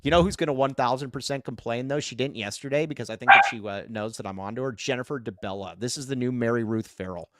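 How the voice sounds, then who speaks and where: A man co-hosting a casual sports podcast livestream, talking in an excitable way and reading viewer comments aloud. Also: medium pitch, fast, hardly any pauses. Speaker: podcast co-host.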